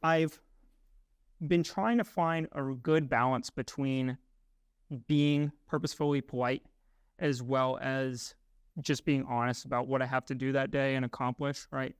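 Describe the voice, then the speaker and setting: A man's voice: medium pitch, fairly even intonation, unhurried, clear, resonant tone, dry recording. A young man from Massachusetts co-hosts a casual podcast in a mid-range voice, thinking aloud and checking in with "right?" and "you know". The sound is close and dry, with no room around it. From Massachusetts, USA. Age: young adult. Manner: reflective, uses fillers like "right?" and "you know". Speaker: podcast co-host.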